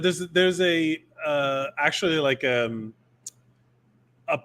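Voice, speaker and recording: Man, bright tone, slightly high voice, rambling casual podcast chat. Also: takes it slowly, smooth. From Miami, USA. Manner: rambling, lots of fillers and restarts. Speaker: podcast co-host.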